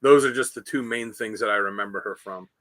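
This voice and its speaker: A man's voice: lowish voice, fairly quick, fairly bright tone, no room sound. A man co-hosting a casual talk show, rambling through stories and acting out quotes. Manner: rambling, storytelling, acts out quotes. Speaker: podcast co-host. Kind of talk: casual chat.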